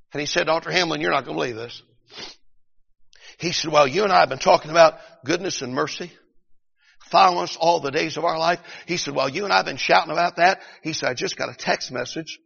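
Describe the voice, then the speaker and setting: Gravelly shouting preacher in a hall. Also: male voice, on the high side, animated, fairly quick, pauses often. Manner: swings between shouting and hushed storytelling. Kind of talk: revival sermon. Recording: dull recording in a long-reverb hall.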